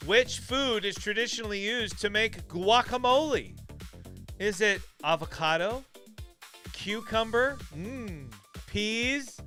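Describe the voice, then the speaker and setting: Male live-stream host, bright, high, laughing, trivia reader. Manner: upbeat, laughing, drawn-out question reading. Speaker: show host.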